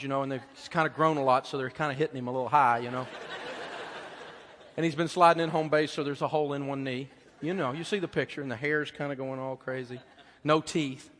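A middle-aged American pastor preaches a sermon in a church auditorium, his medium-pitched voice carrying a long hall reverb. He shares personal stories conversationally, shifting from loud emphasis to hushed tenderness.

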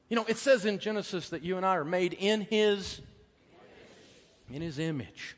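A middle-aged American man preaching a sermon as pastor, telling personal stories in a conversational way that swings from loud emphasis to hushed tenderness. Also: sits high, moderate pace, pauses often. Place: church auditorium. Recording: long hall reverb.

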